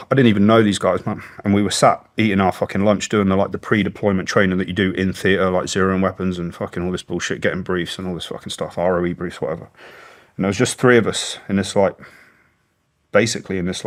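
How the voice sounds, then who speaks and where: Blunt, swearing British ex-soldier man. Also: low voice. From Britain. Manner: blunt, heavy swearing, emotional recounting. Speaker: guest, former special forces soldier. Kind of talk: candid interview storytelling.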